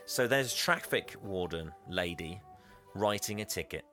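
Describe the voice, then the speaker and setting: A man's voice: sits low, lively intonation, a little slow, pushed and bright, faint music behind. A man co-hosting a podcast, rambling and giggly as he recaps a film in casual chat.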